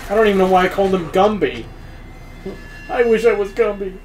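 A woman's voice: mid-range voice, brisk, a little mellow, faint music behind, poor audio. A woman playing a video game for a let's play, laughing often and swearing at the game in casual commentary.

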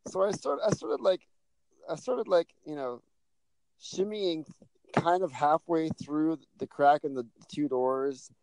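Rambling man telling a story, fairly high voice. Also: takes it slowly, vocal fry, a little mellow, no room sound, poor audio. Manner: rambling, restarts and fillers while telling a story. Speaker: podcast co-host. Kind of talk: casual storytelling chat.

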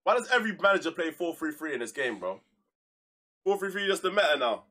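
A man's voice: on the high side, big pitch swings, fast, sharp tone. A young man, casually commentating his football manager game on a live stream, full of slang, flaring into heated outbursts and then dropping to mutters.

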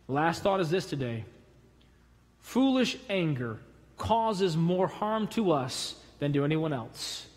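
A man preaching from the pulpit with a fairly high voice that climbs into emphatic, almost shouted calls and then sinks quiet. He acts out the people in his stories. A long church reverb trails every phrase. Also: sing-song, slow. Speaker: pastor. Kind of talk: sermon. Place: church sanctuary.

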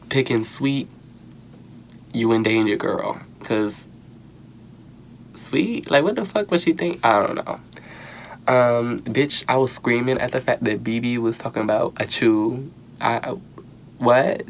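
A young man giving casual, sassy and profane commentary on a reality show, animated and quick to exclaim. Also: medium pitch, slight background noise. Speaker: reality TV reviewer.

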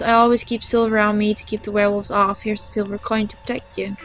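A woman's voice: medium pitch, level tone, fast, hardly any pauses, a bit bright, soft background music. A woman playing a video game, reading its dialogue aloud and adding casual asides. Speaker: let's play gamer. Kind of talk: casual gameplay commentary.

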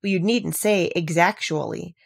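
A woman reading a storybook aloud, voicing a fussy, scatterbrained elderly queen who frets and rises to squeaks. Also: moderate pace, creaky, husky, dry recording, clean studio sound. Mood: brisk, decided. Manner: fretful, fluttery, rising to squeaks.

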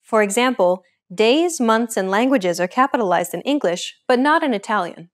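A woman hosting a scripted language lesson, explaining grammar points in a clear, explanatory teaching delivery. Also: on the high side, lively intonation, moderate pace.

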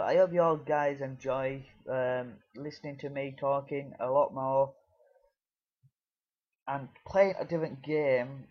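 A man's voice: medium pitch, dull audio. A British man giving casual gameplay commentary, rambling with many fillers and restarts. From United Kingdom. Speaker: gaming video creator.

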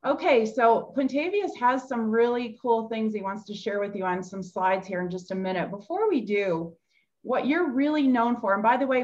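A woman hosts a webinar on a video call, introducing her guest and prompting him with questions. She sounds upbeat and encouraging, at a medium pitch. The call audio is dull and lo-fi. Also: darkish tone. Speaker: host, education manager. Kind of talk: hosting a webinar interview.

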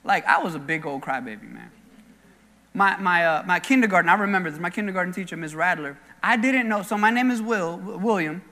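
A male pastor with a very high, bright, forceful voice delivers a sermon in an earnest, conversational way, mixing in stories from his own life. His words ring out with the long reverb of a church hall. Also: brisk. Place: church sanctuary.

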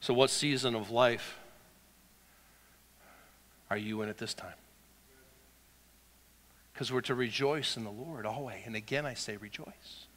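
Animated preacher man in a reverberant hall. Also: mid-range voice, a little slow, long pauses. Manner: dramatic and animated, swinging from shouts to whispers. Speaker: pastor. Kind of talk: sermon.

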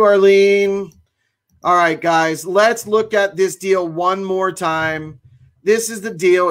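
A chatty male host speaks with a fairly high voice. He reads viewer comments in an upbeat, exclaiming way during a casual livestream from a cigar shop. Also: a bit bright. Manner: chatty and enthusiastic, exclaims often.

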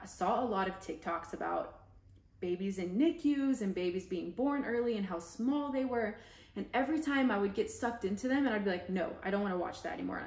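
A woman candidly telling a raw personal story on a podcast, talking casually and openly with lots of everyday fillers. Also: medium pitch. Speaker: podcast host. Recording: echoey room.

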